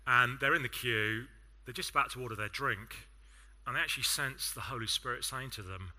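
A man's voice: mid-range voice, fairly quick, sharp tone. A man with an English accent preaching a sermon, telling stories in a conversational way with self-deprecating asides.

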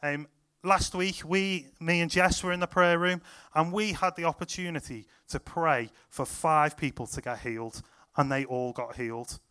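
Youth pastor, young, higher-pitched, animated storyteller. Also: male voice, moderate pace, smooth. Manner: excited, animated retelling with acted-out quotes. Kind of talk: sermon storytelling to a youth group.

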